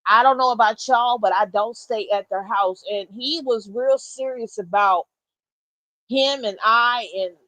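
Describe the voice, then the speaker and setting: A woman tells a story to her listeners, blunt and animated, swearing freely as she goes. Her voice sits a little high for a woman. The sound is dry, with no room echo. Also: measured pace. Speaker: streamer telling a story. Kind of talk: casual storytime.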